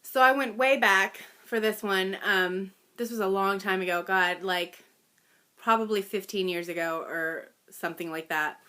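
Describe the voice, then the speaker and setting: A woman in her thirties tells a personal story in a casual, chatty way. Her voice is bright and clear, and her tone is self-deprecating, with little laughs and fillers along the way. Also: medium pitch, measured pace.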